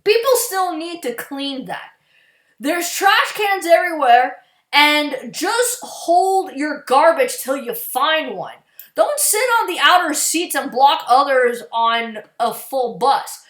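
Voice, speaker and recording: A woman's voice: sits high, very animated, takes it slowly, a bit bright, roomy sound. A woman vlogger ranting in exasperation, swearing freely and often restarting her sentences. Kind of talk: profane ranting commentary.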